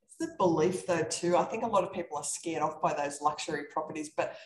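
Energetic woman in an echoey room. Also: sits low, fast talker. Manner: energetic, animated storytelling. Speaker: real estate investor and coach. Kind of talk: casual live podcast chat. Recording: echoey room with faint background noise.

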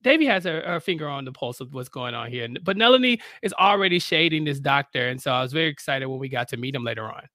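Young woman, podcast co-host, playful and animated, bright edge, dry close sound. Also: very deep voice, fast, few pauses, dry recording. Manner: playful, animated, laughs easily. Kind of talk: casual TV recap chat.

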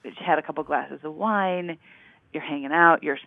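Podcast cohost, thinks out loud, measured, comes through thin and tinny like a phone line. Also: mid-range voice, vocal fry, no room sound. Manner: measured, analytical, halting restarts. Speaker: podcast co-host. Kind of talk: casual chat about a true-crime series.

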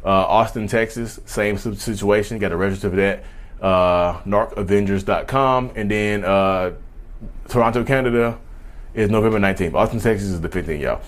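A man talking casually to camera in a vlog, animated, addressing viewers as "y'all" and slipping into mocking voices. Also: fairly low pitch, moderate pace. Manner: loose conversational speech, says "y'all" often. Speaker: YouTube host.

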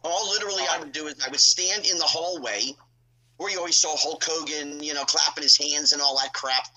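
A middle-aged man telling stories as a podcast guest, animated and acting out other people's lines in his own telling. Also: on the high side, fairly quick, poor audio. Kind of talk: casual storytelling.

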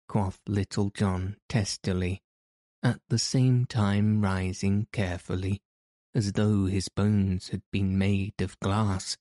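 Slow, mellow male storyteller. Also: low voice, no room sound, clean studio sound. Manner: measured, even storytelling. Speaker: narrator. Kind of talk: audiobook narration of an old tale.

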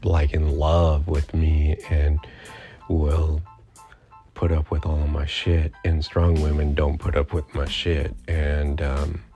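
A man's voice: a bass voice, little pitch movement, slow, warm tone, soft background music. A middle-aged man hosting a podcast, telling a personal story in a rambling, reflective way with many fillers and restarts. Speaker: podcast host.

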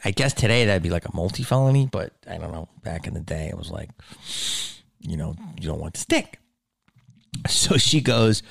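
A man's voice: on the low side, vocal fry, dry recording, studio quality. A man doing a profane, emphatic stand-up rant about his schooling and distrust. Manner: profane, emphatic, rising to shouted rants.

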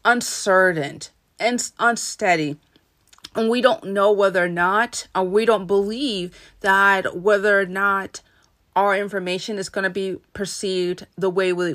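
A woman hosting a solo podcast, talking in an earnest, instructive way about communicating, with short pauses between her phrases. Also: medium pitch, fairly bright tone. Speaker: podcast host and coach. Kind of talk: solo motivational podcast talk.

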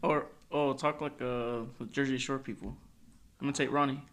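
A man's voice: mid-range voice, steady tone, normal speed, a bit bright. A young man in casual podcast chat, playful and teasing, often laughing.

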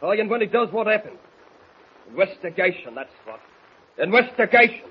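An actor playing a rough sailor leading a mutiny, with gruff, bullying commands in a 1940s radio drama, on a noisy lo-fi old transcription. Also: male voice, sits high, very animated, moderate pace, full character voice. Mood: scheming. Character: menacing Cockney mutineer ringleader, rough sailor.

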